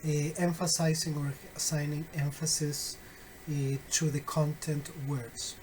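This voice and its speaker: A man teaching phonetics in a recorded online lesson, deliberate and full of fillers and self-corrections, with wry, friendly asides to his students. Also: on the high side, level tone, darkish tone, a little hiss or hum, low-quality recording.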